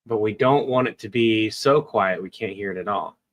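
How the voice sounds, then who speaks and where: A man's voice: on the low side, moderate pace. A man hosting a stream who casually talks through editing audio, thinking aloud with ums. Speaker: video editor, stream host.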